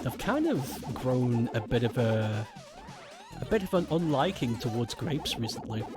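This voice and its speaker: Man, streamer, slow animated talk, faint game music behind. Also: mid-range voice. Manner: chatty, laughing, talking to chat viewers. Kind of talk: casual live-stream chat while gaming.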